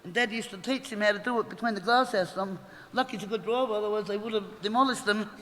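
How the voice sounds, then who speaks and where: A woman's voice: medium pitch, fast talker. A middle-aged Australian woman giving a rambling, chatty eulogy at a funeral and laughing through her stories. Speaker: eulogy speaker. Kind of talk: funeral eulogy, anecdotal storytelling. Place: funeral hall. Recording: echoey hall with faint noise.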